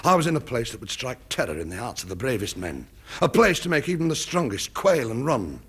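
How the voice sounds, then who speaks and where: A man's voice: medium pitch, very animated, a little fast, a bit bright, husky. A man narrating a comedy sketch in a dry, mock-serious way. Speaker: comic narrator. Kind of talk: deadpan comic narration.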